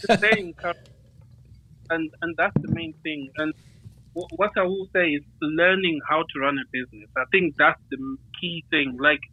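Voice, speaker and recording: A man's voice: a little high, moderate pace, pushed and bright, slightly rough. A man talking casually about running a business, hesitant, with many fillers and restarts. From United Kingdom. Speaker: guest. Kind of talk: casual conversation. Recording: tinny phone line, dry.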